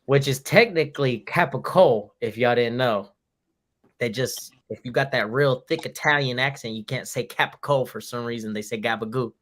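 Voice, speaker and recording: Jokey, animated man telling stories. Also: mid-range voice, moderate pace. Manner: animated storyteller, jokey, swears. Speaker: podcast co-host. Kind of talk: casual chat.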